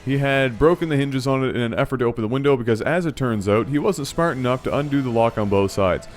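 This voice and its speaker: A man spins a comic personal story for his channel with animated energy. He stumbles over and corrects his own words, then jumps into playful voices. His pitch sits in a middle range, with faint music under him. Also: quick pace. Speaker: channel host. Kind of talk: storytelling vlog.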